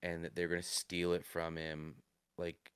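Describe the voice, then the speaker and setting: Deep-voiced, profane ranting man. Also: completely flat delivery, a little slow, a bit bright, smooth, no room sound, clean studio sound. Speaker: podcast co-host. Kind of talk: casual political chat.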